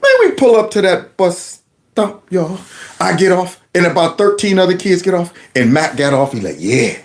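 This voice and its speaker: Animated man telling a comic story. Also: high voice, moderate pace. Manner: animated, talks straight to the audience. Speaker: comedic storyteller. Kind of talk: comedic storytelling.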